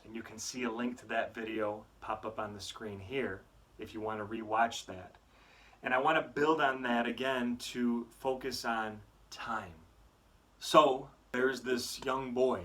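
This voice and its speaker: A man's voice: mid-range voice, a bit bright. A man giving a motivational talk to schoolchildren, telling a story with many "right?" asides. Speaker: youth motivational speaker.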